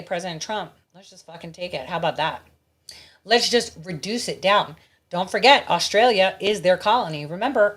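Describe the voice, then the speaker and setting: A woman's voice: medium pitch, a bit bright. A woman hosting her own show, giving blunt, profane political commentary in a ranting manner. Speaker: show host.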